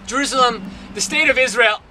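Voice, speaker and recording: A man's voice: extremely high pitch, a little fast, sharp tone, slight background noise, poor audio. A man performing spoken word poetry in a wry, rhythmic way, repeating a refrain, recorded outdoors in a city. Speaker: poet.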